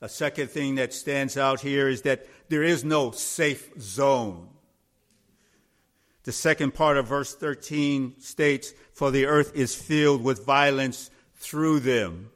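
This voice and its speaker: A man preaching a sermon, slow and deliberate, building to emphatic peaks. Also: medium pitch, a bit bright. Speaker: pastor.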